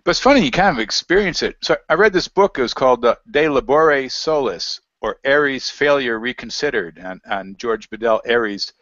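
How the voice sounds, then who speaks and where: A man's voice: mid-range voice, lively intonation, normal speed, few pauses, a bit bright, dry recording. Rambling man telling anecdotes, lo-fi. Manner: rambling, anecdotal, laughs often. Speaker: guest researcher. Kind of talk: casual conversation. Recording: dull lo-fi audio, dry.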